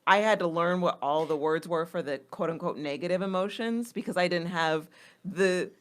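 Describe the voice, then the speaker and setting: A woman's voice: fairly low pitch, moderate pace. A woman co-hosting a comedy podcast, telling stories in casual chat and laughing often. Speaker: podcast host.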